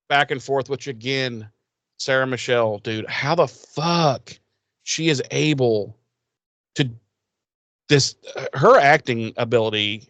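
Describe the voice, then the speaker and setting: A man co-hosting a podcast, casually recapping a TV episode with lots of swearing and lively acted-out quotes. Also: mid-range voice, dry recording. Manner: profane, animated, acts out quoted lines. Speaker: podcast co-host.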